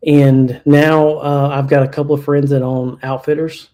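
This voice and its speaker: A man's voice: a little high, flat delivery, moderate pace, dark tone. A man from Kentucky, a hunter guest on a podcast, talking casually with lots of fillers and restarts. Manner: plainspoken, many fillers and restarts. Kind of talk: casual interview chat.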